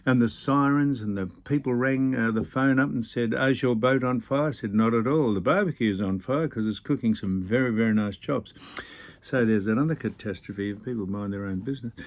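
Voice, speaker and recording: A man's voice: medium pitch, brisk. An older man, hosting a casual vlog on a boat and reading out viewer comments with dry, teasing, opinionated banter. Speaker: vlog host. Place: aboard a boat.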